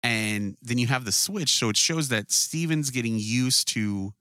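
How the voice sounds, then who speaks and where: A man talking loosely and profanely at a middling pitch, now and then breaking into exaggerated voices to replay what he saw. The sound is dry and close, with no room around it. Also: unhurried, sharp tone, no echo. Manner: loose, profane, acts out scenes in mocking voices. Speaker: podcast co-host. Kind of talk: casual chat.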